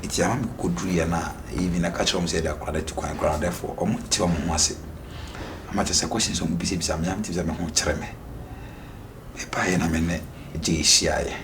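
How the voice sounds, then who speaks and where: A man plays a worried young man with a deep Ghanaian-accented voice that trips over its own words. He talks fast, and steady background noise sits under the line. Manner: stammering, repeats words. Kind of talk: Ghanaian comedy drama dialogue.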